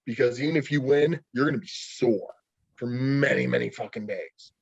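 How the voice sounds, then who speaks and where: A man's voice: medium pitch, moderate pace, creaky, husky, dry recording, lo-fi sound. Blunt, profane arm-wrestling man. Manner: blunt, profane, heated ranting. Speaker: interview guest, arm wrestler. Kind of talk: casual interview over a call.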